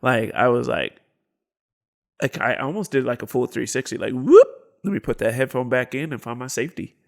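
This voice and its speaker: A man in his thirties with a gravelly, fry-heavy voice sits in as a podcast co-host. He tells stories in a casual, animated way, whispering some quoted lines and shouting others as he acts them out. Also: mid-range voice, brisk. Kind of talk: casual storytelling chat.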